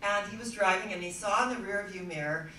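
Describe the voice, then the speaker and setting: A woman with a bright, forceful voice tells spiritual stories to an audience and acts out the people in them with lively voices. She sounds a little off-mic, and the room adds echo and a faint hum. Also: mid-range voice, brisk. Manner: animated storyteller acting out quoted voices. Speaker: spiritual speaker. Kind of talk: storytelling talk to a live audience. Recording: roomy hall sound, voice from some distance, faint noise.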